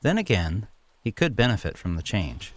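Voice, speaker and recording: Low-voiced guy narrating a story slowly, lots of pitch movement. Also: big pitch swings, a little hiss or hum. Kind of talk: scripted narration.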